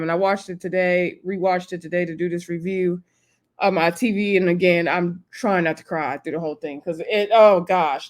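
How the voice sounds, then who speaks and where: A woman casually reviewing a reality TV episode, chatty and conversational, with frequent fillers and animated asides. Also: fairly low pitch. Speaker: TV show reviewer. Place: home.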